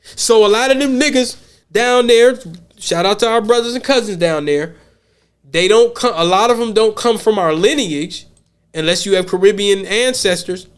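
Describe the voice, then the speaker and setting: Man, high voice, American, casual podcast host, rambling, restarts a lot. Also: moderate pace, clean tone. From United States. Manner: rambling, repeats words when he restarts.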